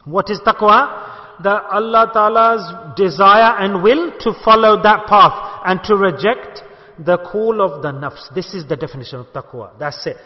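A man's voice: sits high, a little slow. A man, a sheikh, preaching a sermon to a gathering in an emphatic way, asking rhetorical questions and calling for responses. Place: mosque gathering hall in Bolton. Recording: echoey hall, dull lo-fi sound.

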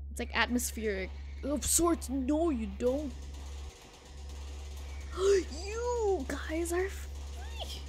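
A young woman streaming a game, chatting casually and brightly with her chat, greeting viewers by name and giggling often. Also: on the high side. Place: small room with thin walls, indoors.

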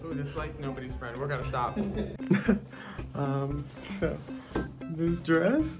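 A man's voice: on the high side, expressive, takes it slowly, music in the background. A man in drag giving a campy, sassy backstage tour of theatre dressing rooms, quipping and laughing with castmates. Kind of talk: casual backstage vlog.

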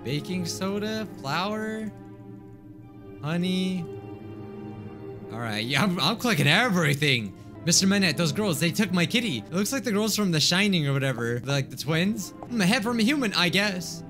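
Excitable high-voiced gaming man. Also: a little slow, over music. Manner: excitable, thinks aloud, swings between mutters and high yelps of frustration. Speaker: gaming YouTuber. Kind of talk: let's play commentary.

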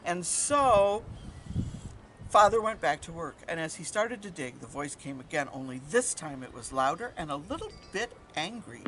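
A woman telling a folktale to children, lively and quizzing her listeners as she goes. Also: deep voice, moderate pace, rough recording. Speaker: storyteller and educator. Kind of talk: storytelling to children. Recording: loud background noise, vehicle.

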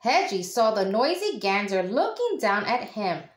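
A woman, a teacher, reading a children's picture book aloud in an expressive way. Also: medium pitch. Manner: slow, expressive storytelling. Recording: echoey room.

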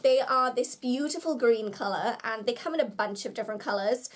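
A young woman from the UK talks through her shopping haul in a casual, chatty vlog. Her voice sits high, and she comes across as bubbly and quick to poke fun at herself. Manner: bubbly, chatty and self-mocking. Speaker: vlogger.

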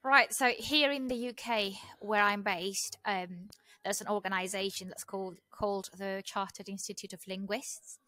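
A woman's voice: medium pitch, fairly even intonation, moderate pace, pushed and bright, no room sound. A woman from Argentina, Spanish her first language, talks in English with a British lilt. She is a translator, chatting loosely in an interview with lots of fillers and restarts. Her voice sits in a middle range and sounds dry and close. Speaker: guest, translator. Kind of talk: casual interview conversation.

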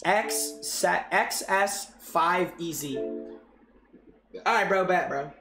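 A man's voice: high-pitched, slow. A young man streaming and coaching viewers' game clips, brash and profane, often repeating himself in exasperated outbursts. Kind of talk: live-stream game commentary. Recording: roomy echo with loud music behind.

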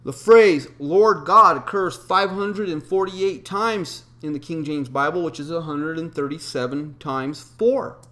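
A man's voice: fairly high pitch, a little slow, hardly any pauses, sharp tone. A man presenting a solo explanatory video, laying out long strings of numbers and reading scripture quotes, with frequent ums and uhs. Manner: methodical, recites numbers and scripture with filler ums. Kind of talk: explanatory monologue.

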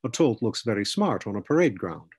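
A man's voice: on the low side, sing-song, brisk, husky, full character voice. A man voicing a big, jovial male centaur cavalry trainee with an Irish accent, chatty and explanatory, in an audiobook.

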